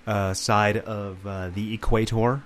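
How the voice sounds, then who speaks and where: A man guesting on a comedy podcast, wry and self-deprecating, speaking haltingly with many fillers. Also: lowish voice, fairly even intonation. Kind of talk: casual podcast chat.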